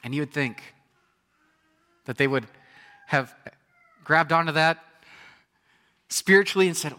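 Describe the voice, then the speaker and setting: A man preaching a sermon, animated, acting out voices and swinging from loud exclamations to hushed, quiet lines. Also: on the high side, brisk, long pauses. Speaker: pastor. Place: church.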